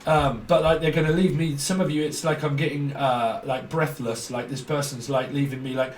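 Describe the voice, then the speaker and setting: A man's voice: medium pitch, steady tone, moderate pace, slight background noise. A man giving a rambling, jokey tarot reading and laughing often. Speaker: tarot reader. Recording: roomy echo from a distant mic.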